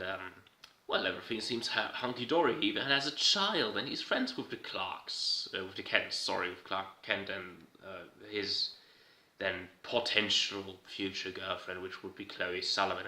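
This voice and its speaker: A man's voice: on the low side, sharp tone. A man giving a casual, irreverent recap, rambling and swearing as he goes. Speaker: video host recapping a TV episode. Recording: roomy echo.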